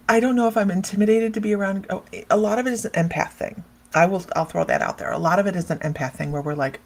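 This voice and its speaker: A woman's voice: mid-range voice, fairly quick, a little mellow. A woman psychic medium hosting a casual livestream, chatting and rambling, laughing often and talking straight to viewers by name as she reads their comments.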